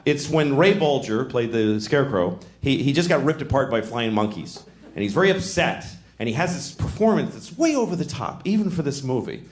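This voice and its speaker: A middle-aged man performing stand-up comedy, telling stories in a blunt, exasperated, deadpan way on a club stage. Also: mid-range voice, brisk. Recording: roomy club, crowd laughter.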